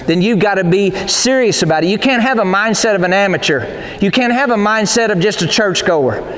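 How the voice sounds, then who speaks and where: A man's voice: high voice, expressive, fairly quick, a bit bright. A man preaching a sermon, repeating key phrases and urging the congregation to say them back. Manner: repetitive call-and-response preaching. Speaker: pastor. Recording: echoey reverberant hall.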